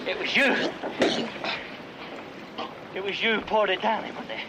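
An actor playing a vengeful gangster forcing a man to drink, menacing and building to shouts, heard in a film clip. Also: high-pitched, steady tone, moderate pace. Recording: noisy film soundtrack clip.

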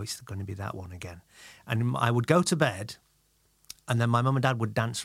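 A British man chatting casually on a podcast, telling stories in a reflective way that often drops low and quiet. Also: gravelly, no room sound. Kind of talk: casual chat.

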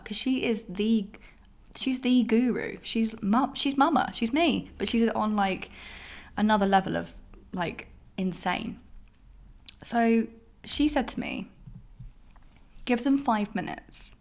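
Sweary woman dishing dating gossip. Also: mid-range voice. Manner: candid, sweary storytelling that acts out her own reactions. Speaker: podcast host. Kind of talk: casual solo podcast monologue.

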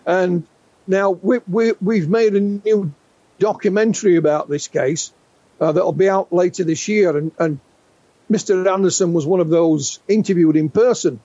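A man in his sixties, guest on an interview, recounts witness stories in a lively, halting way, repeating words as he restarts. His voice sits high for a man. The sound is dull and lo-fi, very dry with no room around it. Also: no room sound. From England. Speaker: guest UFO researcher. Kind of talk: conversational storytelling interview.

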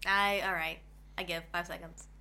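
A woman's voice: lowish voice, little pitch movement, normal speed, bright, forceful tone, smooth. A woman co-hosting a casual chat, reading questions aloud, easygoing and giggly. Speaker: podcast co-host.

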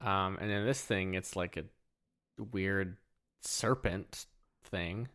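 A man's voice: low voice, slow pace, a bit bright. A man co-hosting a podcast, laid-back and wry, mostly agreeing in short replies about a movie. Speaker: podcast co-host. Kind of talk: casual movie review chat.

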